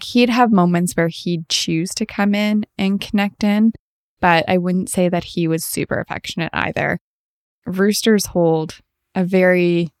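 A woman's voice: on the low side, dry recording, clean studio sound. A woman hosting a podcast, telling heartfelt stories about her farm animals in a tender, emotional way. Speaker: podcast host.

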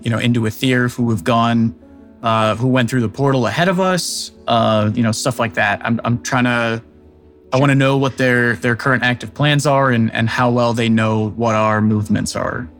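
A man's voice: medium pitch, a bit bright. Thoughtful young man, tabletop player. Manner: thoughtful, hedging. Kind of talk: casual tabletop game talk.

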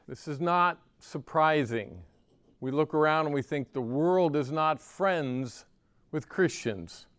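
An older man preaching a sermon, lively and conversational, often asking his listeners "right?" and briefly acting out voices he quotes. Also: a little high, slow, smooth, no echo. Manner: animated, asks the audience "right?" often, acts out quoted voices. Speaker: pastor.

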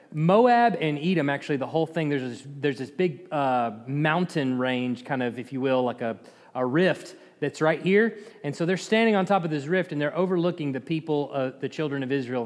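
A man giving informal Bible teaching in a conversational way, quizzing his listeners and chuckling now and then. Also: medium pitch. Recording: echoey hall reverb.

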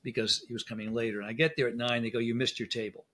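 Husky-voiced middle-aged man telling anecdotes. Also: medium pitch, little pitch movement, racing, a bit bright. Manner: anecdotal, speaks in quoted exchanges. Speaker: guest, dental implant specialist. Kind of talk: casual interview talk.

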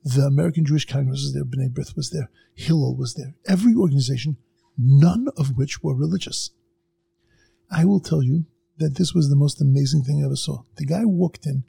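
A middle-aged man on a podcast telling a story in casual chat, acting out what other people said with sudden jumps in pitch. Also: a little fast, mellow. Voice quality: gravelly and husky. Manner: acts out quoted people with big jumps in pitch.

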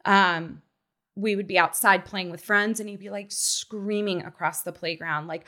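Thirties woman guest, chatty and animated, acts out quotes, bright edge. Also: medium pitch, measured pace. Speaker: guest, mother. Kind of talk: casual chat, personal story.

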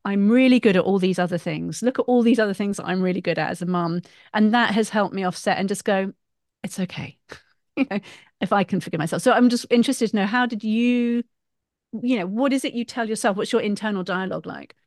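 A woman's voice: mid-range voice, brisk, a little mellow, no room sound, clean studio sound. A woman hosting a podcast interview as a parenting coach, asking reflective questions.

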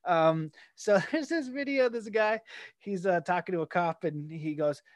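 Animated rambling man, higher voice. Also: measured pace, no room sound. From Canada. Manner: rambling, animated, laughs often. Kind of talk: casual podcast conversation.

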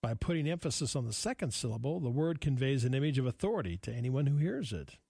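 A man's voice: mid-range voice, fast talker, gravelly, breathy edge, no echo, studio quality. A man hosting a casual radio show, reading out trivia and chatting with a co-host, laughing often. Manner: animated, laughs often, reads out trivia items.

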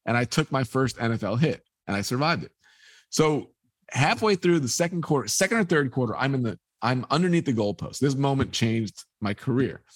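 A man recounting a story as an interview guest, mid-pitched and close to the mic in a dry space. He tells it with energy and slips into the voices of the people he quotes. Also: fairly quick, no room sound. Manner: animated, acts out quoted dialogue. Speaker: sports photographer, interview guest. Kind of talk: storytelling anecdote.

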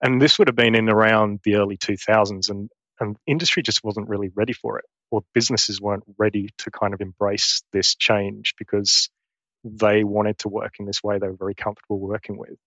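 A man's voice: fairly low pitch, little pitch movement, fairly quick, fairly bright tone, dry recording, low-quality recording. A man in his forties from England, his Essex English accent turned Australian, telling his career story as a guest with earnest, restarting speech. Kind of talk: conversational interview.

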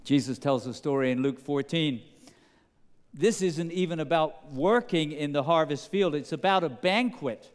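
A man preaching a sermon, posing questions to the congregation in an animated, emphatic way. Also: high-pitched, clear, resonant tone, long reverb tail. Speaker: pastor.

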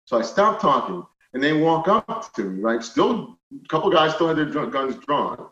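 A man telling a personal story as a podcast guest, animated, moving from quiet stretches to loud indignant retellings. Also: fairly high pitch, fairly quick. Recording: roomy, slightly dull podcast audio.

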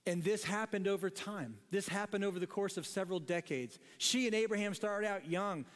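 A man's voice: sits high, brisk, in a large hall. A man preaching a sermon as pastor in a church, in a casual, joking way, often laughing at his own lines. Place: church sanctuary.

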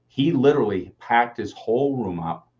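A man co-hosting a casual show, telling a story in an animated way, swearing and acting out quotes. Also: mid-range voice, moderate pace. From Boston area. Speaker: co-host. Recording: dull lo-fi audio.

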